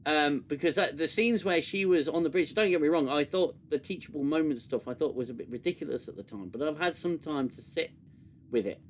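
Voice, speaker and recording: A man's voice: a little high, fairly quick, slight background noise. A man hosting a casual review livestream, sarcastic and rambling with many fillers. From United Kingdom. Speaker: show host.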